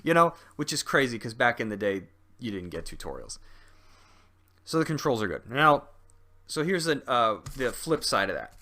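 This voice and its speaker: Young male game reviewer, bright voice, rambly and jokey, mid pitch. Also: sing-song, normal speed. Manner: rambling, lots of fillers and restarts; chatty and jokey. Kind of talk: casual video game review.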